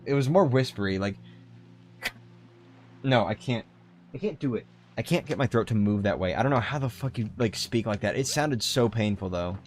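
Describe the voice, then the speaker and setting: A man's voice: medium pitch, expressive, normal speed, a little hiss or hum. A young man chatting loosely while streaming a game, rambling and swearing casually. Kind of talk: casual live-stream commentary.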